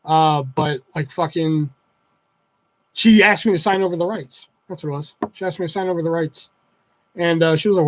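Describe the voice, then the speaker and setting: A man's voice: fairly high pitch, moderate pace, rough recording. Swearing young man telling a story. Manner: swears freely, rambling retelling with many fillers. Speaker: livestreamer. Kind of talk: casual storytelling to a live chat.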